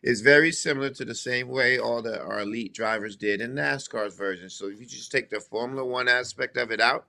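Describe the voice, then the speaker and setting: A man's voice: medium pitch, a little fast, creaky, hardly any pauses, pushed and bright. A man co-hosting a casual sports podcast, confident and emphatic, repeating his points. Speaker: podcast co-host. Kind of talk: casual chat.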